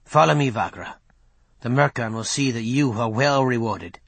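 A stern male gate guard in an audiobook speaks in short, low commands, as a man puts him on. The voice is dry and close, with no room around it. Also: normal speed, no echo, close to an everyday voice. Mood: gruff.

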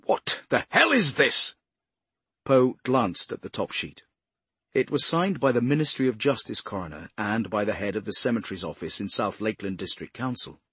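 A man narrating a crime novel as an audiobook, in a steady, measured voice. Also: lowish voice, breathy edge, no echo. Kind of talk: scripted narration.

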